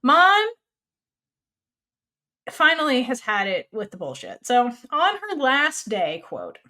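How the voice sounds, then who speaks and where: A woman co-hosting a podcast in casual chat, retelling scenes with lively acted-out lines and casual swearing. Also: sits high. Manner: animated, acts out characters' lines in quick voices. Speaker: podcast co-host. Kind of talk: casual chat recapping a TV series.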